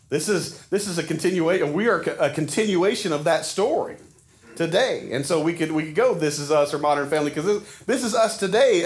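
Folksy pastor preaching. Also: male voice, sits high. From Arkansas. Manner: folksy, conversational, with frequent restarts. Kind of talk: sermon. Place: church sanctuary.

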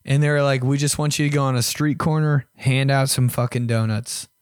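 A young man hosting a podcast, telling crude, self-mocking stories in a casual way and swinging between loud and quiet. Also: medium pitch, fairly even intonation, a little fast, no echo, studio quality. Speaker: podcast host. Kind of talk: casual storytelling.

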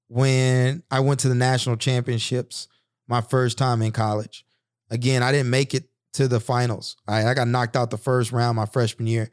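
A man in his thirties speaks as a podcast host, working through personal stories in a reflective, earnest monologue. He often restarts his sentences, and his voice sits at a middle pitch. The recording is dry, with no room sound. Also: dry recording. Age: 30s. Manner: earnest storytelling with frequent restarts.

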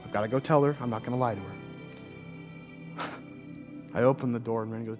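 A man in his thirties delivers a sermon from the pulpit, his pitch sitting right in the middle for a man. He is earnest, and he builds to emphatic, repeated phrases as he preaches, then sinks into a hushed, confiding tone for his story. Faint music plays behind him. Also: moderate pace, pauses often. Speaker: pastor.

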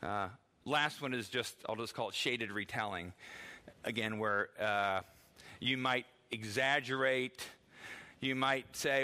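A man's voice: mid-range voice, moderate pace, bright, forceful tone. A middle-aged man preaching a sermon in a conversational way, acting out the voices he quotes and laughing now and then. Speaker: pastor.

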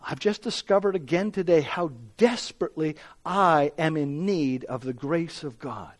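A man's voice: fairly high pitch, moderate pace. A man preaching a sermon as pastor, earnest and emphatic, building up repeated phrases.

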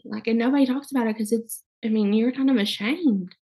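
A young woman guest speaking candidly in casual conversation, halting, with many fillers and restarts. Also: on the high side, dark tone, breathy edge.

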